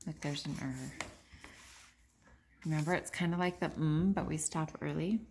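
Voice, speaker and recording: A woman's voice: low-pitched, steady tone, moderate pace, a little mellow. A woman in her thirties, a mother, patiently teaching her young child to read at home and chatting to the camera between words. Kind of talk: casual home video vlog. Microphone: phone. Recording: faint background noise, home phone recording.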